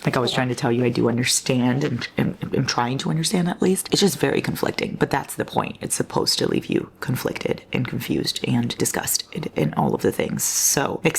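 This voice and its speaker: Casual book vlogger, woman, 20s: low, gravelly, rambling, sweary, drops to whispers. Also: slight background noise. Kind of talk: casual reading vlog.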